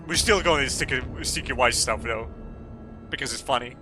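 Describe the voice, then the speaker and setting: A man's voice: medium pitch, normal speed, over loud music. A man streaming a game, reading its dialogue aloud and joking crudely, rambling with lots of fillers.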